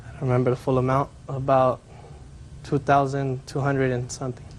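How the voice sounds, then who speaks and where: A man testifying as defendant in court, retelling events step by step with halting restarts. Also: medium pitch, completely flat delivery, a little hiss or hum.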